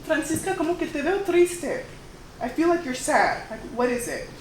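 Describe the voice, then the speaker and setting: A wise, intuitive older woman who runs a shop, played by a woman performer, her questions gentle and probing. The voice sits fairly high and rings out over a roomy live stage, caught from a distance with faint hiss. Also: very animated, moderate pace. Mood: concerned. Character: wise older female shop owner, intuitive, warm friend. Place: theater stage.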